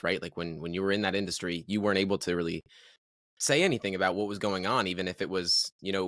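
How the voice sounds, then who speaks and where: A male podcast host asking questions in a halting way, often repeating words. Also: sits low, fairly bright tone, dry recording, studio quality. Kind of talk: casual interview.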